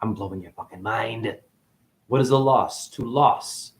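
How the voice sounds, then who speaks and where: A man ranting on a spiritual livestream, cursing freely and jumping between loud high outbursts and low mutters. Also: unhurried. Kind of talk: rambling spiritual livestream rant.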